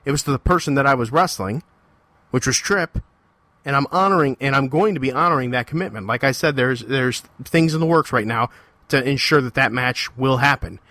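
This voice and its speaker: A man's voice: medium pitch, fairly quick, sharp tone. A man hosting his own podcast, talking alone in a heated, confrontational rant with repeated, emphatic phrasing. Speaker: podcast host. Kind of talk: solo podcast monologue.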